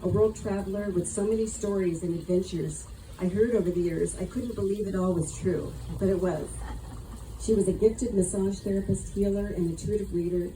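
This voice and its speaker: A woman's voice: medium pitch, steady tone, moderate pace, warm tone, slight background noise, low-quality recording. A woman giving an earnest, affectionate memorial tribute at a gathering. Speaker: eulogy speaker.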